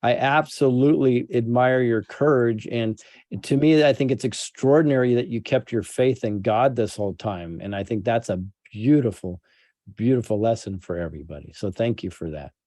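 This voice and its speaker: A man's voice: mid-range voice, moderate pace, warm tone, no echo, clean studio sound. A man hosting an interview, encouraging and affirming his guests. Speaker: host. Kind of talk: casual interview chat.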